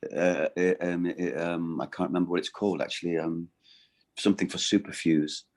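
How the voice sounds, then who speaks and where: Middle-aged man, gravelly and lowish, halting conversational interview delivery full of restarts. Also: steady tone. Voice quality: gravelly low voice. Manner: halting, many restarts and fillers. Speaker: voice actor guest. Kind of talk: casual interview chat.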